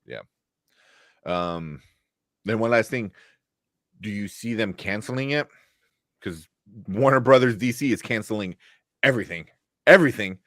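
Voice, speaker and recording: A man's voice: lowish voice, unhurried, pauses often, dry recording, studio quality. A man co-hosting a casual live chat show, easygoing, with lots of fillers and agreeing asides. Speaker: co-host.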